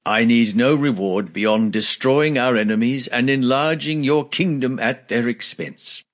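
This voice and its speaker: Husky low-voiced male audiobook narrator. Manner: measured, steady storytelling with lightly voiced dialogue. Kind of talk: scripted fantasy narration.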